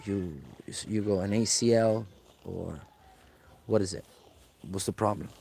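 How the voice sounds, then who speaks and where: A man's voice: lowish voice, measured pace, creaky, mellow, slight background noise. Man coaching viewers on a live stream. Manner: direct, coaching, answers viewers' questions; repeats key points for emphasis. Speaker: personal trainer.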